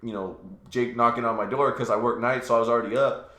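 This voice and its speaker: Guy telling funny stories on a podcast, does the voices, medium pitch, echoey room. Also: quick pace. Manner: animated, acts out quoted voices. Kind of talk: casual storytelling chat.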